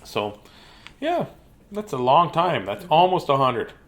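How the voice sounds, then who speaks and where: A man's voice: on the high side, sing-song, takes it slowly, a bit bright, a little hiss or hum. Brief: a man hosting a book read-aloud stream, easygoing and playful, chatty with restarts. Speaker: host reading picture books. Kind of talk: casual livestream chat and read-aloud.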